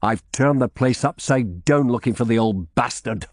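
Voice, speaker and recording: A man voicing an angry, blunt prior who talks coarsely and forcefully. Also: medium pitch, moderate pace, no echo, clean studio sound, voice pushed up, close to an everyday voice.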